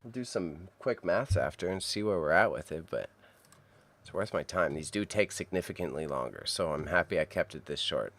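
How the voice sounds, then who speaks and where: A man, chatting casually on a co-working stream and thinking aloud as he works, sounding a little phlegmy and clearing his throat. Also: low-pitched, normal speed. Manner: relaxed, self-mumbling, thinks aloud while typing. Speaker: streamer and reseller. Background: keyboard typing.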